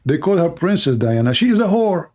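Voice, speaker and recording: A man's voice: a little high, sing-song, a little fast, darkish tone. A man from the Middle East with a Middle Eastern accent, mocking in blunt broken English on a livestream. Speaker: host. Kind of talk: livestream commentary.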